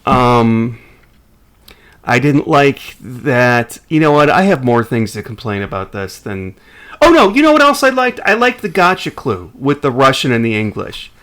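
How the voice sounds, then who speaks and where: Animated, jokey male podcast co-host. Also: medium pitch, unhurried. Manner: animated, jokey, trailing off and restarting. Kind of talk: casual chat.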